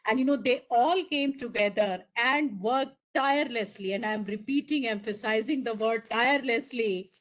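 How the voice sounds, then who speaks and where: A woman's voice: fairly high pitch, normal speed, hardly any pauses, poor audio. A woman moderating a session and giving formal closing remarks, earnest and emphatic as she reads a long list of names. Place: conference hall.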